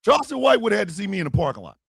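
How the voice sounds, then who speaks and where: A man's voice: sits high, big pitch swings, rapid-fire, vocal fry, slight background noise. A man hosting a comedy podcast, ranting in a profane, mocking way with bursts of laughter, close on the mic. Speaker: podcast host. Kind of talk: comedic rant.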